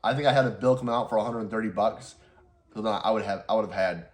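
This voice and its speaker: A man's voice: lowish voice, fast talker. A young man who runs a lawn care business, casually telling a story, rambling, laughing often and swearing now and then.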